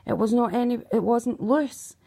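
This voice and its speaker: A woman's voice: on the high side, moderate pace, vocal fry, dark tone. Accusing middle-aged woman. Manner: accusing, emphatic, keeps asking "right?". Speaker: mother. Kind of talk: emotional recounting monologue.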